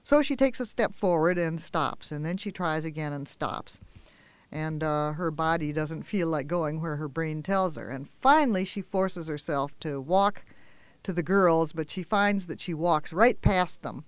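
High-voiced man reading a story. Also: unhurried, smooth, dry recording. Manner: gentle, expressive storytelling with small fillers. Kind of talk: reading a children's story aloud.

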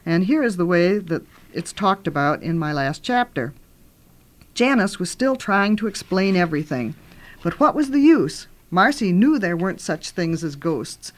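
An author reading from their own book aloud and retelling the story in a homey, conversational way. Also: mid-range voice.

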